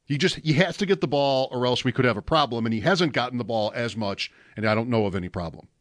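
Male radio talker, mid-pitch, thoughtful musing delivery, dry close sound. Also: expressive, fast talker, a bit bright, dry recording. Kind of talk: casual sports radio chat.

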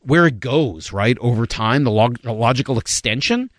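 A man from the northeastern United States hosts a sports talk show with a lively, swinging pitch. He banters fast with his co-hosts and reads news stories aloud. The recording is dry and close. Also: dry recording. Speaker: show host.

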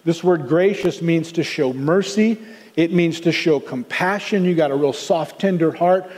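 A man's voice: on the high side, warm tone, long reverb tail. An older man from the American South with a Southern accent, preaching a sermon in an earnest, conversational way. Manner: conversational, earnest, with many restarts. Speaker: pastor.

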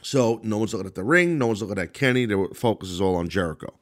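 A man's voice: on the low side, animated, fast talker. A middle-aged man with a New York accent, hosting a wrestling podcast and giving blunt, rambling commentary full of restarts. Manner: blunt, rambling, self-correcting. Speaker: podcast host and former wrestling announcer. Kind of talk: casual commentary monologue.

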